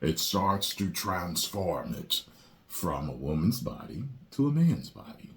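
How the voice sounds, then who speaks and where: A man's voice: low-pitched, sing-song, slow pace. A man hosting a reaction video, rambling casually with lots of fillers. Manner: rambling, with many fillers and sudden loud rants.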